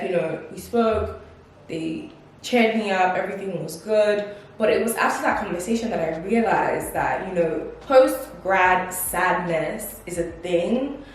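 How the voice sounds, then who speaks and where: A woman in her twenties chatting in a casual, reflective vlog, full of fillers and acted-out quotes. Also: mid-range voice. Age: 20s. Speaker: vlogger. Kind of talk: casual life-update vlog. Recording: distant mic in a very echoey room with faint noise.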